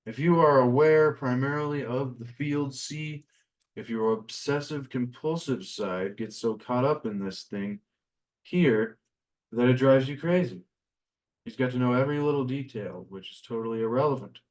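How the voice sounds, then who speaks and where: A man giving a spiritual lesson in a slow, musing way, often trailing off into quiet asides. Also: mid-range voice, low-quality recording. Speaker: spiritual teacher. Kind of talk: reflective spoken lesson.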